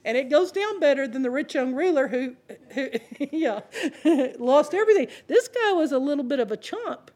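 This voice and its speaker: A woman's voice: sits high, animated, normal speed, a little mellow. A woman preaching a sermon, talking straight to the congregation in a conversational, humorous storytelling way. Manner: conversational, addresses the congregation directly.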